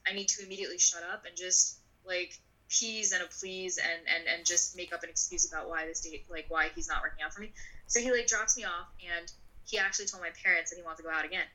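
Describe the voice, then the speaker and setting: A woman in her twenties telling a personal story in an interview, animated and full of "like", acting out the voices of people in her story. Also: lowish voice, fast, poor audio. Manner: animated, acts out voices in quotes; filler-heavy, frequent "like". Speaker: guest.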